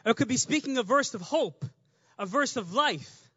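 Guy preaching, kinda high voice, big hall echo, muffled dull sound. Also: expressive, normal speed, pushed and bright, breathy edge. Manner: earnest, repeats phrases for emphasis. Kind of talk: sermon. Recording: dull sound with long reverb.

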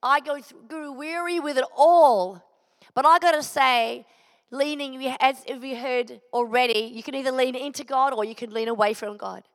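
A woman's voice: high-pitched, moderate pace. A middle-aged woman giving an earnest sermon, sharing a personal testimony and driving her points home with repeated phrases. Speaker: preacher. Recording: long hall reverb.

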